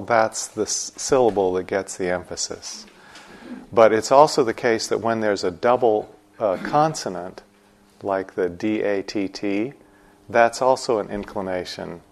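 A man guiding a meditation group before chanting, explaining patiently with gentle humor. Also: fairly low pitch. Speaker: meditation teacher.

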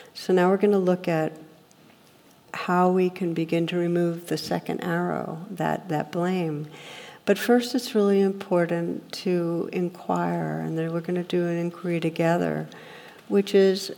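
A woman with a low, grounded voice gives a dharma talk to a group. She is earnest and reflective, and she illustrates points with everyday stories. Her words ring out with a long reverb, as if recorded in a hall. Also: creaky, dark tone. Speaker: meditation teacher.

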